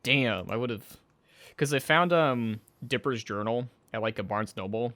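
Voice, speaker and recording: A man's voice: medium pitch, a bit bright. A young man cohosting a casual podcast, chatting in a rambling way and acting out little quotes as he tells stories. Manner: chatty, rambling, with quick acted-out asides. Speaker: podcast co-host. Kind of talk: casual chat.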